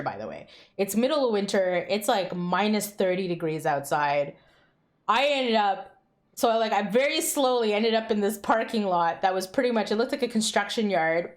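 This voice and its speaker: Chatty, salty-mouthed young woman streamer. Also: medium pitch. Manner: chatty storytelling, swears freely, laughs often. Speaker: live streamer. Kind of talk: casual chat with stream viewers.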